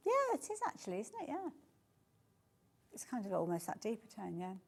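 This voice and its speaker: A woman's voice: medium pitch, wildly swooping pitch, fairly quick, gravelly, slightly rough. A woman presenting fabrics on a live TV sales show, chatty and gushing, praising each design. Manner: gushing, chatty, keeps saying beautiful. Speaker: shopping channel presenter. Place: TV studio.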